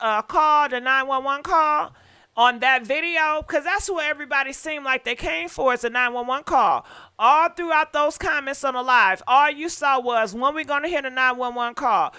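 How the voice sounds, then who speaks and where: Bright high-voiced woman gossip host. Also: moderate pace. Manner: chatty, swears, talks straight to viewers. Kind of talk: casual live-stream commentary.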